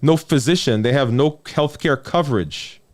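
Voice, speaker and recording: A man, a physician giving a conversational health talk, who keeps asking "right?", repeats phrases for emphasis and drops low and soft on key words. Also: normal speed.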